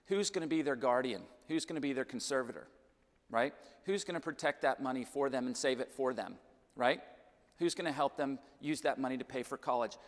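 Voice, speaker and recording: A man's voice: mid-range voice, fairly quick. Chatty Midwestern man in a church hall. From Kansas. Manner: chatty, keeps checking in with "okay?" and "right?". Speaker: financial planner speaking at church. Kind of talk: church seminar talk.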